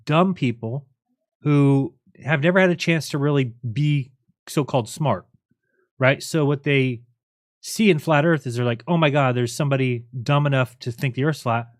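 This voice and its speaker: A man's voice: mid-range voice, normal speed, no room sound, clean studio sound. A man hosting a call-in show, talking bluntly and mockingly and laughing often. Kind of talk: casual call-in talk.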